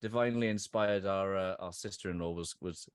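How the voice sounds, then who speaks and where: A man hosting a podcast interview, chatty and quick to laugh. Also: low-pitched, clear, resonant tone, dry recording, clean studio sound. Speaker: podcast host.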